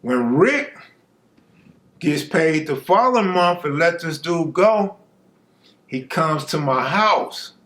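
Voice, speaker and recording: A man's voice: a little high, expressive, slow pace, pauses often, fairly bright tone. A man from Los Angeles telling a true street story in a laid-back, slangy, conversational way.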